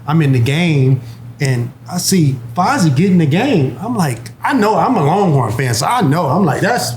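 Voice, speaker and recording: A former pro football player sharing a lively game-day story on a panel, laughing as he goes. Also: fairly high pitch, moderate pace, slight background noise. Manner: animated, laughing anecdote teller. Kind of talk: casual storytelling chat. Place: wine bar, indoors.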